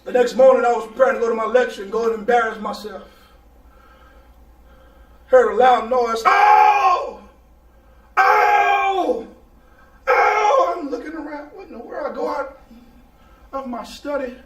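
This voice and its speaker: High-voiced preacher shouting in echoey church. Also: male voice, fairly even intonation, a little fast, pauses often. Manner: storytelling, builds to shouted call-and-response preaching. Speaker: pastor. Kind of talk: sermon. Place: church sanctuary. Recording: echoey church, mic at a distance. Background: congregation answering aloud.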